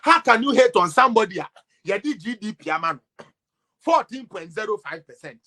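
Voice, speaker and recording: A man with a Ghanaian accent delivering a mocking, sarcastic political rant, swinging between loud outbursts and low mutters. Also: big pitch swings, fairly quick. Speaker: political commentator.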